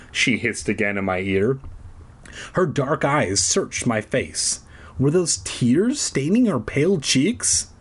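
A man's voice: mid-range voice, sing-song, slow pace, slightly rough. A man reading a children's horror book aloud in a comedic way, breaking off into sarcastic, profane rants. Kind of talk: comedic read-aloud with ranting asides.

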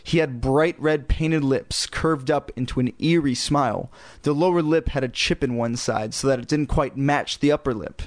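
A man's voice: mid-range voice, moderate pace, no room sound. A man reading a children's horror novel aloud, breaking off for sarcastic, joking asides. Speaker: audiobook reader.

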